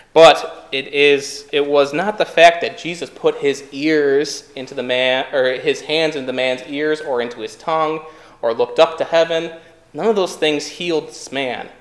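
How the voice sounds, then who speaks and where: A man's voice: fairly high pitch, reverberant. A man preaching a sermon in a conversational way, asking the listeners rhetorical questions.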